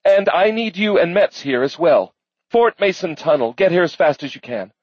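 A man's voice: high-pitched, animated, moderate pace, dry recording, muffled recording, voice pushed up. A man narrating an audiobook voices a shaken female police chief who gives urgent orders and pleads for help.

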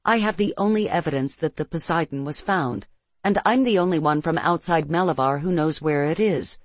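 Steady first-person audiobook narrator. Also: medium pitch, moderate pace, no room sound.

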